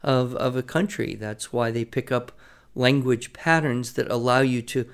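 A man's voice: medium pitch, normal speed, vocal fry, smooth. Man explaining things in a podcast chat. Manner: thoughtful, explanatory, storytelling. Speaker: podcast co-host, writing educator. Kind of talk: casual conversational podcast.

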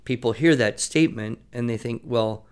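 A man's voice: medium pitch, unhurried. Man explaining things in a podcast chat. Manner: thoughtful, explanatory, storytelling. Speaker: podcast co-host, writing educator. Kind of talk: casual conversational podcast.

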